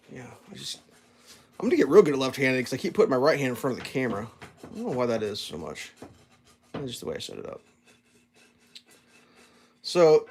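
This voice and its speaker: A man casually telling a rambling home story over breakfast, getting animated and breaking into silly voices when excited. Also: medium pitch. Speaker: vlogger.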